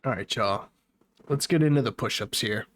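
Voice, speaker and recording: A man's voice: medium pitch, moderate pace, a bit bright. A man hosting a reaction video, adding sarcastic, mocking commentary.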